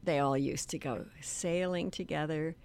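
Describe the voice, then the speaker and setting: Older woman, gravelly, low-pitched, hesitant, soft-spoken storyteller. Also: steady tone, measured pace. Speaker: author and guest. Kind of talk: storytelling interview.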